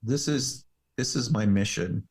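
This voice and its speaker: Speaking a little slowly in a slightly low voice, a man recounts his own story as an interview guest. His steady, earnest testimony has the practiced quality of a firefighter and paramedic who's shared it before.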